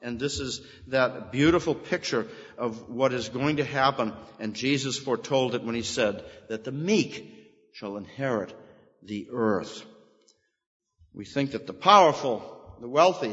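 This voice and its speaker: Emphatic preacher in a reverberant hall. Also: male voice, fairly bright tone. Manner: emphatic, repeats key phrases, rises high on quoted scripture. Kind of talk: expository sermon. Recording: dull sound with long hall reverb.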